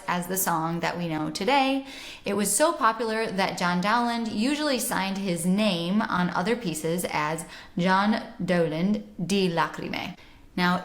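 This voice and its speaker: A soprano woman explains pronunciation in an unhurried, deliberate voice. She sounds out vowels as she teaches, in a mid-pitched tone. The room around her gives a noticeable echo. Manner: slow, deliberate, demonstrates vowel sounds aloud. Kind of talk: explanatory music lesson. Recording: roomy echo.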